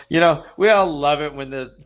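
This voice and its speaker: A podcast host recaps book chapters on a chat show, speaking in a smooth voice on the high side. His delivery is loose and joking, slipping into playful character voices and crude asides.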